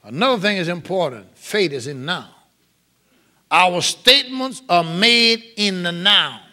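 A man's voice: high-pitched, expressive, a little slow, sharp tone. A man preaching a revival sermon, emphatic and calling out to the congregation. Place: church revival service.

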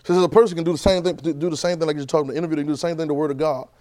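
A man teaching a church Bible class, lively and conversational, repeating phrases and asking the class questions. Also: on the high side, rapid-fire.

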